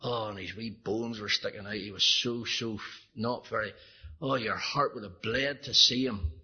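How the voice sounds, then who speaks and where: Man, preacher, husky, earnest, pleading, sermon storytelling, dull lo-fi sound. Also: fairly low pitch, normal speed.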